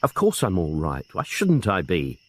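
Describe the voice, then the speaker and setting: Man doing a snappish female detective, curt and clipped, lower than his narration, lively pitch. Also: normal speed, slightly rough, exaggerated voice. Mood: irritable. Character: brusque middle-aged female detective sergeant.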